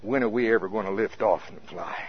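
Husky guy preaching, folksy and chatty, muffled lo-fi recording. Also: fairly low pitch, fast. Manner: folksy, conversational. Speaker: pastor. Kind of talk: sermon with storytelling.

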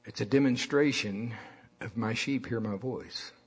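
Husky-voiced man preaching a folksy sermon. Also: medium pitch, a little slow. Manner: folksy storytelling with call-and-response.

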